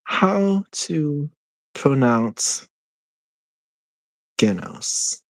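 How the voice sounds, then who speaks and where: A young adult streamer chatting casually with viewers, rambling with lots of "like" and quick laughs. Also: medium pitch, very animated, dry recording. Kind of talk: casual live-stream chat, answering viewers.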